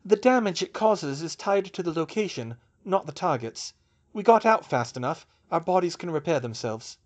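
A clever young witch, put on by a male reader in a storybook reading, her voice lifted above his own and full of lively rises and falls. She lays out her reasoning in a brisk, matter-of-fact way. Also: on the high side, voice pushed up. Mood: analytical. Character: young woman, quick-minded witch, analytical.

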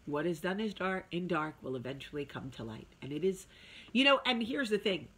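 A woman's voice: lowish voice, animated, brisk, breathy edge. Chatty woman talking to her viewers. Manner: chatty, emphatic, with sung asides. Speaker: vlog host. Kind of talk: casual motivational talk to viewers.

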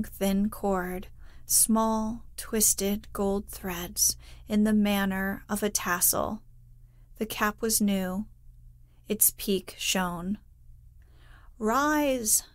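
Woman, sleep story reader, very slow, soft and hushed, dry close-mic sound. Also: mid-range voice, no echo. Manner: soft, hushed, drifting into whispers.

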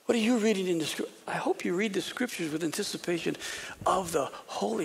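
A pastor preaching an animated sermon, often repeating words and dropping to a whisper for emphasis. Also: male voice, high voice, a little fast, vocal fry, husky. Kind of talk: expository sermon.

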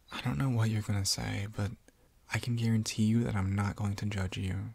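A man talking softly in a whispered role-play, gentle and reassuring. His low voice is gravelly and husky, and he takes his time with every phrase. The sound is close and dry. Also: fairly even intonation, a little fast, dry recording. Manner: gentle, reassuring, soft-spoken. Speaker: ASMR roleplayer.

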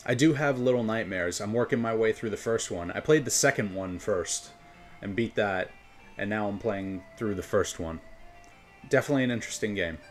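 A man's voice: on the low side, normal speed. A man from New York with a New York accent, chatting casually as a game streamer and rambling between topics. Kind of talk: casual gameplay commentary. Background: faint game music.

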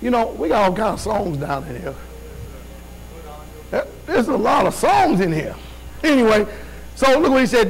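A man's voice: high-pitched, very animated, moderate pace, long pauses, slightly rough, poor audio. A male preacher giving a fervent sermon, reading scripture with rhythmic call-and-response asides.

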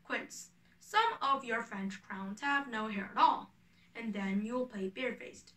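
A woman reading the part of a fussy male carpenter who directs a village play, handing out names and parts in order, with a bright voice in an echoey room. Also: fairly high pitch, a little slow, distant mic. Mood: bossy. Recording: echoey room, away from the mic.

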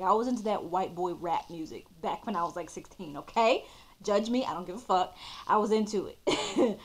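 A woman in her twenties, a YouTuber, telling her own story to the camera in a casual, expressive way and calling her viewers "y'all". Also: medium pitch.

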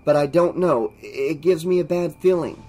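A man's voice: fairly high pitch, moderate pace, dark tone, soft background music, voice pushed up, natural voice. A man voicing an anxious young man who earnestly describes something frightening. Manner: earnest, worried, pleading.

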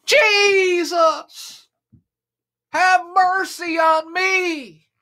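A man shouting as a desperate blind beggar. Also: extremely high pitch, fairly even intonation, extremely slow, voice pushed up, exaggerated voice. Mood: pleading. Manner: shouting, pleading, drawn out.

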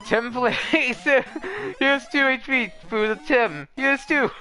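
A man voicing a hyper cute little cat-dog shopkeeper creature in squeaky, broken baby-talk from a video game. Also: slow pace, sharp tone, soft background music, full character voice. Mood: excited.

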